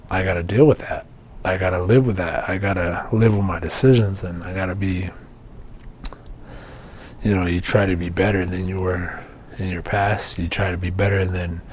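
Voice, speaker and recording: A man's voice: sits low, a little hiss or hum. A young man hosting a podcast, talking through his life in a candid, profane, self-questioning ramble full of restarts. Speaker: podcast host. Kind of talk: casual personal monologue.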